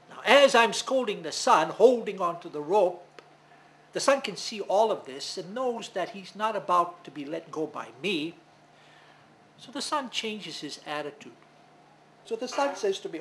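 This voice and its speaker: Animated male storyteller with a high voice. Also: unhurried, a little hiss or hum, low-quality recording. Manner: animated, dramatic. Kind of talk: first-person legend telling.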